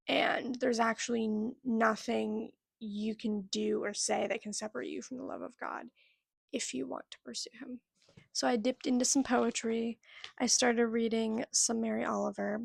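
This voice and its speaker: A young woman chats about her reading in a chatty, giggly way. Her voice is heavily gravelly and husky and a little high, and it sounds dry and close to the mic. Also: fairly bright tone, no echo. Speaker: book vlogger. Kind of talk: casual chat.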